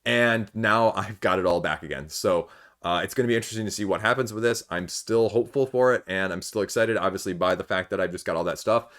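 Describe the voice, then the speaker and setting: A man's voice: fairly low pitch, quick pace, a bit bright. A man with a Midwestern Michigan accent hosting a board game channel, thinking aloud in a rambling way with many fillers. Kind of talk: casual talk to camera.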